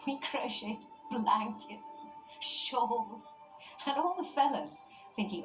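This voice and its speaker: An older woman tells a story in a lively, amused way. She sounds like she is in a roomy space with a lot of echo. Music plays clearly behind her voice. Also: on the high side, slow pace. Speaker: actress from the film recalling the shoot. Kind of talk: interview recollection.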